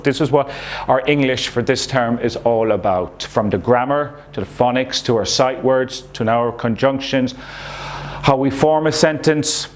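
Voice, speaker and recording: This recorded English lesson for young pupils comes from a male primary school teacher who explains patiently and keeps asking "okay?" along the way. He has a medium-pitched voice, with slight background noise.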